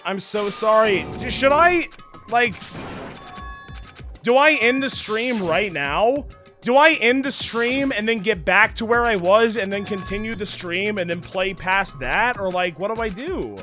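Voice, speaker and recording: A young man with a high, bright voice streams a game and talks to his chat. His voice jumps between loud exasperated outbursts and low, deflated mumbling. Faint game music plays behind him. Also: a little slow. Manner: frantic, swings from exasperated shouting to deflated mumbling. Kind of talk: live gameplay streaming to chat.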